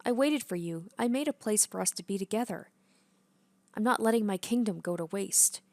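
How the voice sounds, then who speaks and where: A woman's voice: mid-range voice, expressive, moderate pace, darkish tone, no room sound, close to an everyday voice. A woman reading aloud the lines of a possessive, imperious young princess girl from a game. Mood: indignant. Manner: bossy, indignant reading.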